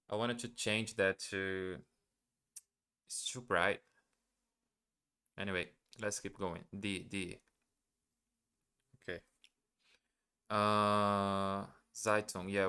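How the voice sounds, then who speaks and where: A man's voice: lowish voice, bright, forceful tone, clear, resonant tone. A man on a casual live stream, thinking aloud as he works through a language app. He hesitates, questions himself and repeats practice words. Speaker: live streamer learning German.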